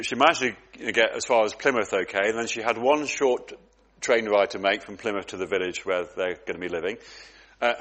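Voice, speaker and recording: A man's voice: fairly low pitch, fairly bright tone. A man preaching a sermon, earnest and reflective, often repeating words as he goes.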